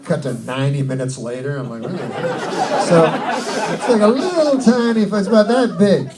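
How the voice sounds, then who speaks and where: A man doing a rambling, deadpan, profane stand-up set before a live audience. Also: high voice, a little fast. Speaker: stand-up comedian. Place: large hall, live audience. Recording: distant live mic, loud crowd and noise.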